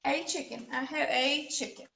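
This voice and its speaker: Woman, co-host, high voice, casual chatty manner. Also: steady tone, normal speed, creaky, pushed and bright, a little hiss or hum. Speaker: co-host of a live DIY painting show. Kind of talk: casual chat.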